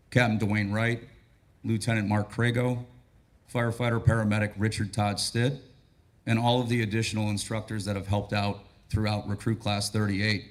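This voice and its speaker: A battalion chief of training with a raspy, hoarse voice, giving a relaxed, joking and grateful speech at a graduation ceremony. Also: male voice, on the low side. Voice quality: raspy, losing his voice.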